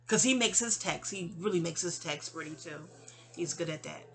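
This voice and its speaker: A woman's voice: lowish voice, normal speed, creaky, music in the background. A woman telling a personal story in a rambling, chatty way, acting out what people said to her. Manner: rambling, chatty, acts out quoted dialogue. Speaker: vlogger. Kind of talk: casual storytelling vent. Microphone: audio-only home recording.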